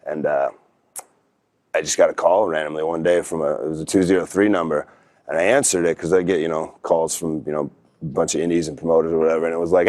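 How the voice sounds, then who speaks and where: Laid-back deep-voiced man rambling. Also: fairly even intonation, fast talker, a little mellow, no echo. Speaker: podcast guest. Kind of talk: casual storytelling.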